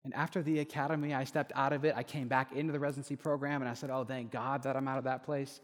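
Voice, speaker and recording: A young man preaching a sermon, telling a personal story and lively when he quotes others. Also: mid-range voice, quick pace. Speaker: pastor. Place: church hall. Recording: echoey hall with long reverb.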